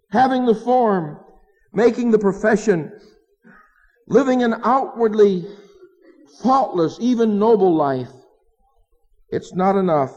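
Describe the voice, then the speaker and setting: A man with a high, warm voice preaches a sermon earnestly and emphatically, posing rhetorical questions to his listeners. The recording is dull and lo-fi, with long hall reverb.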